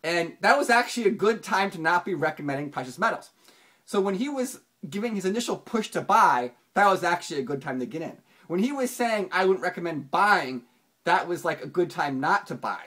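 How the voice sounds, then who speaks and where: Giving casual video commentary, a finance channel host rambles fairly quickly with lots of restarts and fillers. His delivery is animated, his pitch jumping up whenever he wants emphasis.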